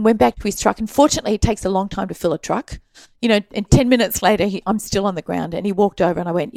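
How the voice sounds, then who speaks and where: An Australian woman guest telling her stories in a casual interview, animated and laughing often. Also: medium pitch, racing, creaky, dry recording. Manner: animated storyteller, laughs often, acts out quoted voices.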